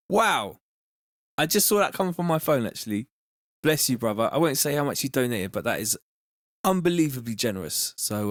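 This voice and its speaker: A man's voice: medium pitch, no echo, clean studio sound. A man with a London accent chatting casually on a music-making livestream, laid-back and slangy, thanking viewers as he works. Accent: London English. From England. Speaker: music producer streaming live.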